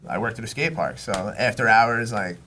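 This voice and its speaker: A man's voice: fairly low pitch, moderate pace, bright, forceful tone. A young man from Long Island, telling long, rambling stories on a podcast, full of slang and swearing, often acting out what friends said. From Long Island, New York. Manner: rambling, slangy, profane, acts out quoted friends. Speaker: podcast guest. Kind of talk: casual storytelling.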